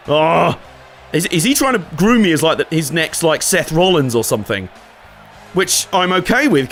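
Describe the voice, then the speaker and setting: A man's voice: high-pitched, fairly bright tone, slight background noise. A man giving chatty, sweary commentary over a wrestling video game. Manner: chatty, sweary, self-mocking. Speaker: let's play host. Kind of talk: casual gameplay commentary.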